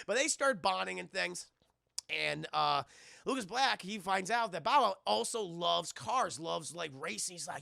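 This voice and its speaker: A man's voice: high voice, lively intonation, normal speed, vocal fry, bright, forceful tone, dry recording, clean studio sound. A young man casually recapping a film for his live chat, swearing a lot and acting out lines from the scenes. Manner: profane, rambling, acts out quotes. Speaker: streamer reviewing a film.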